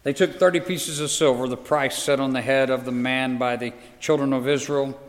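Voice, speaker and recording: A man reading scripture aloud with a measured, clear delivery. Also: mid-range voice, steady tone, in a large hall. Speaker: scripture reader.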